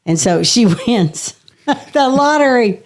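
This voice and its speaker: A woman's voice: fairly high pitch, takes it slowly. Middle-aged woman telling a story with laughs. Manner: lively anecdotal storyteller, laughing often and swearing. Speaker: podcast guest. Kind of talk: casual storytelling.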